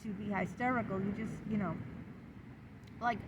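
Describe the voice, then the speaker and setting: A woman's voice: mid-range voice, steady tone, normal speed. Middle-aged woman vlogging outdoors near traffic. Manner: candid and rambling, with many fillers. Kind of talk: casual personal talk to camera. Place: public spot outdoors.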